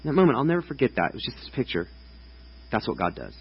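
A man's voice: medium pitch, very animated, racing, slightly rough, muffled recording. A man in his thirties preaching a casual, chatty sermon to a congregation, with lots of restarts and filler words. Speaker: pastor. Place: church stage before a congregation.

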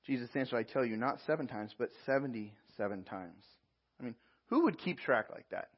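Husky-voiced pastor preaching a sermon. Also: male voice, medium pitch, lively intonation, fairly quick, highs cut off. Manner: reads scripture aloud and explains it verse by verse.

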